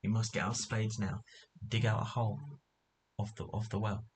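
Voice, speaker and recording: A man's voice: fairly low pitch, level tone, normal speed, a little hiss or hum, natural voice. A man reading as a practical older boy.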